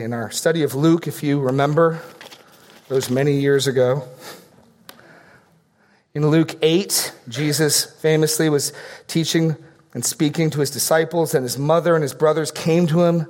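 A man's voice: fairly high pitch, steady tone, moderate pace, a little mellow. A middle-aged man preaching a sermon, his voice sitting a little above the usual male range. He teaches earnestly and walks listeners through numbered points and verses. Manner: earnest teaching with fill-in-the-blank outline points. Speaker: pastor.

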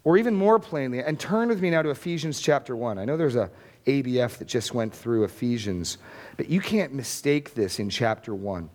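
A man preaching a sermon, reading scripture aloud with deliberate emphasis and putting questions to the congregation in a plain conversational way. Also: medium pitch, animated, darkish tone. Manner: plain conversational delivery with restarts. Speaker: pastor.

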